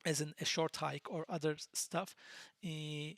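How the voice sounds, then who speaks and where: Patient lecturer. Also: male voice, a little high, little pitch movement, vocal fry, a bit bright, no echo, studio quality. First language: Turkish. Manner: patient, explanatory, pauses to search for words. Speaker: university lecturer. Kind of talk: recorded lecture.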